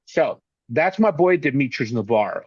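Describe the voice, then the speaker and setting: An actor appearing as an interview guest tells lively, chatty anecdotes, slipping into other people's voices when he quotes them. His middling, slightly rough voice moves at a moderate pace. The audio is dull and dry, with no room sound or echo.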